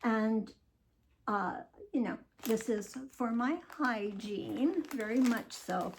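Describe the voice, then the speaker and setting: A woman's voice: fairly high pitch, lively intonation, slow pace, a little hiss or hum. An older woman chatting to viewers as she shows off her grocery haul, rambling and cheerful. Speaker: vlogger showing a grocery haul. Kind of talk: casual chatty haul vlog.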